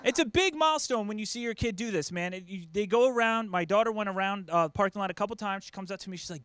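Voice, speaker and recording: A man's voice: sits high, fast, few pauses, fairly bright tone, clear, resonant tone, no room sound. A man in his thirties doing a stand-up comedy set, self-deprecating and acting out the people in his stories. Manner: self-deprecating, acts out quoted voices.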